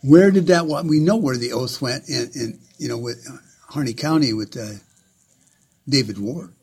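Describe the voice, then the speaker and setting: A man delivering a heated, profane, sarcastic ranting monologue in a husky voice. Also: mid-range voice, normal speed, a little mellow.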